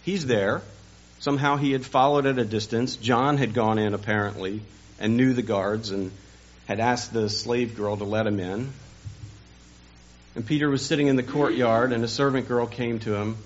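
A man preaching a Sunday sermon, telling a story dramatically and building to loud emphasis, on a dull, lo-fi recording. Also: mid-range voice, steady tone, moderate pace. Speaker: pastor.

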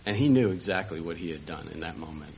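A man preaching a Sunday sermon, telling a story dramatically and building to loud emphasis, on a dull, lo-fi recording. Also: sits low, animated, quick pace, slight background noise. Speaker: pastor.

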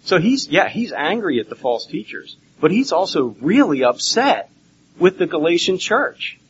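A man preaching a Bible teaching sermon, animated and swinging between loud and hushed. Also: high voice, moderate pace, a little hiss or hum. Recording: dull lo-fi recording with faint ambience.

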